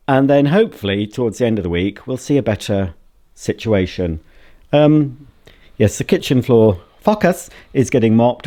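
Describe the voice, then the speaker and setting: A man with a mid-range, dark-toned voice chats to a handheld camera at arm's length inside his home. It's a casual, rambling solo vlog peppered with jokes at his own expense.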